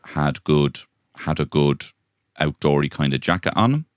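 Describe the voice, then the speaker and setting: A very low-voiced Irish man talks in a loose, rambling way, slipping into other people's voices as he tells a story. His voice sounds close and dry, with no room around it. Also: lively intonation, normal speed, no echo. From Ireland. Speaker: podcast co-host. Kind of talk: casual comedic chat. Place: bedroom.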